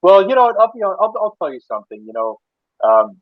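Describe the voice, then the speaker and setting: A man's voice: high voice, sing-song, fast, no echo. A Canadian man, an interior designer, telling rambling anecdotes in a casual interview, with many restarts. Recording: tinny phone-like line, dry.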